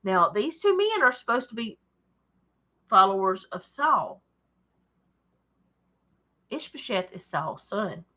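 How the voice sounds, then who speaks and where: A woman's voice: mid-range voice, big pitch swings, takes it slowly, pauses often, sharp tone. A woman with a Southern US accent, reading scripture and chatting about it casually at her desk at home, digressing often and laughing. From Alabama, USA. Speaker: Bible study host. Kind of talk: casual Bible reading and commentary.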